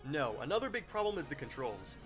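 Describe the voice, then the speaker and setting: A man's voice: a little high, sing-song, quick pace. A man narrating a scripted game review with exasperated, sarcastic complaints. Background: game music.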